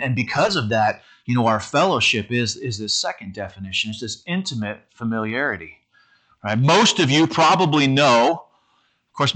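A man's voice: medium pitch, sharp tone. A middle-aged man preaching a conversational sermon to his congregation, often stumbling and repeating words as he goes. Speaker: pastor.

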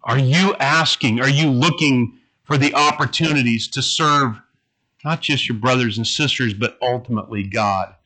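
A man preaching a sermon to his congregation, earnest and halting, with restarts. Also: medium pitch, bright, forceful tone, poor audio. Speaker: pastor.

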